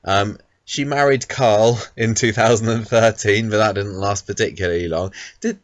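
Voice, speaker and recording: Man, podcast co-host, casual chat, hesitant, fairly low pitch. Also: fairly even intonation, moderate pace, dry recording. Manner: hesitant, many ums and restarts. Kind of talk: casual podcast chat about a soap character.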